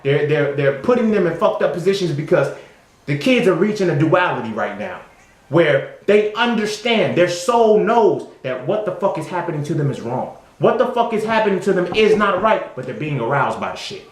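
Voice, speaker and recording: A man speaking in a somewhat high register. He delivers an emphatic, profane monologue in a casual vlog style and keeps checking in with "you feel me?" The recording carries a noticeable room echo. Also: big pitch swings, normal speed. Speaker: vlogger. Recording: echoey room.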